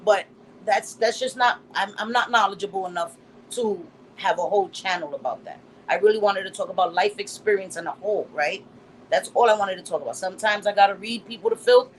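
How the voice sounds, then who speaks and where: A woman's voice: medium pitch, brisk, a little hiss or hum, poor audio. A middle-aged woman from Puerto Rico hosting a casual live stream, blunt and profane, with Spanish words mixed in. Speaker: livestream host.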